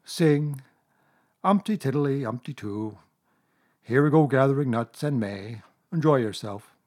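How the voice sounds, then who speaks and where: A man's voice: medium pitch, lively intonation, unhurried, a little mellow. Eeyore, a man doing a gloomy old donkey. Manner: mournful, sighing, sarcastic. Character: gloomy old grey male donkey, self-pitying. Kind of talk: storybook reading.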